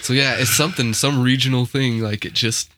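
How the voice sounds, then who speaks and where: A man's voice: medium pitch, steady tone, a little fast, sharp tone, no room sound. A man from Utah in casual podcast chat, often stalling and searching for words. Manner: hesitant, searching for words, giggly.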